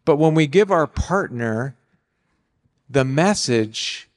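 An older man preaching on marriage, animated, acting out quoted lines with bursts of loud exclamation. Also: a little high, slow, pauses often. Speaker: speaker on marriage. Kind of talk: sermon. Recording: long hall reverb.

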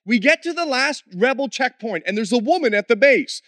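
A man, a missionary, tells his story in an animated way with frequent laughs, then slows into an earnest prayer. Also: extremely high pitch, no room sound, clean studio sound. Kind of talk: testimony story ending in prayer.

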